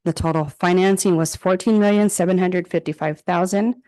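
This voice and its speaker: A woman's voice: lowish voice, steady tone, moderate pace, warm tone. A woman, a city director, giving a formal presentation at a council meeting and reading through figures and project lists steadily. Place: council chamber.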